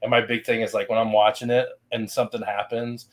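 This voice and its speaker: A man hosting a podcast in casual chat, animated and acting out his reactions. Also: fairly low pitch, a little fast. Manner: animated, acts out yelling at his phone. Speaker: podcast host.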